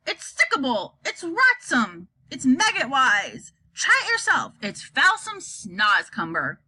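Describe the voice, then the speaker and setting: A woman's voice: high voice, wildly swooping pitch, takes it slowly, pushed and bright, no echo, exaggerated voice. A woman voicing a very old, kindly male giant who jumbles his words, in a storybook reading. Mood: gleeful. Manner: jumbled grammar, delighted, playful.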